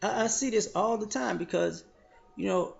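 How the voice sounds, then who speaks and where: Man, profane commentary monologue, gravelly voice, lo-fi recording. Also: high voice, moderate pace. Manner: blunt, profane, animated storytelling. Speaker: vlogger. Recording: slightly dull lo-fi audio.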